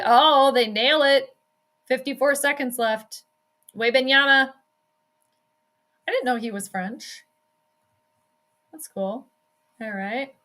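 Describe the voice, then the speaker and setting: A woman's voice: on the high side, a bit bright. A young woman doing casual live play-by-play, chatting and reacting aloud to the games she watches. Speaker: sports streamer doing her own play-by-play.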